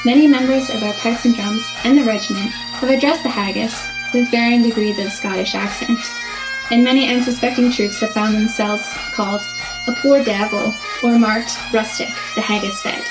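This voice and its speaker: A woman giving scripted narration about her regiment's pipe band, in a measured, proud way. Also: on the high side, steady tone, rough recording. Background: bagpipe music.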